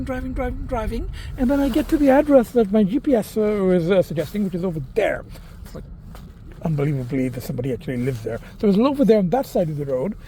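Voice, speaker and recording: A high-pitched man with a darkish tone vlogs casually near his car on rural roads, holding the camera himself. He tells a rambling story full of swearing, with a little hiss or hum in the audio.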